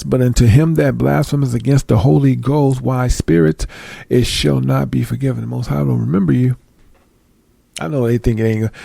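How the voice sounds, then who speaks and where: A man's voice: mid-range voice, creaky, warm tone, husky, dry recording. A middle-aged man giving a casual sermon, reading scripture aloud and checking with listeners for agreement. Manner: conversational, asks listeners for agreement. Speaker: preacher.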